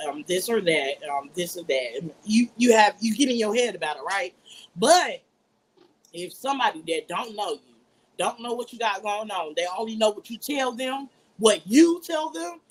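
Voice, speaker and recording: A woman's voice: mid-range voice, slightly rough. A woman co-hosting a casual group discussion, talking bluntly and with frequent profanity. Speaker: podcast co-host.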